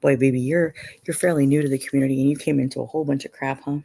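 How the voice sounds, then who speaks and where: A woman's voice: very deep voice, fairly even intonation, rapid-fire, gravelly, mellow, husky. A middle-aged woman hosting a live stream, chatting casually with viewers and often saying "you know".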